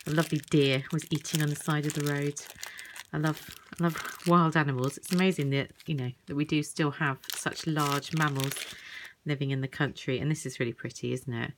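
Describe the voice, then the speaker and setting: A woman's voice: very deep voice, slight background noise, poor audio. A woman craft vlogger chatting casually while unboxing parcels at home at night, rambling with little asides. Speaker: works in a school with children.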